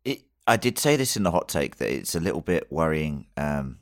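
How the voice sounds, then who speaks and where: A man's voice: rumbling low, sing-song, normal speed, no echo, studio quality. A man co-hosting a podcast, reviewing a TV episode in casual chat and rambling with many restarts and fillers.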